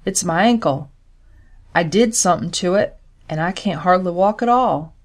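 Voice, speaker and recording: A woman's voice: lowish voice, normal speed, lightly acted. A woman voicing a wounded young male Confederate soldier who pleads in folksy country speech, in an audiobook. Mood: pleading. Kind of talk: audiobook character reading.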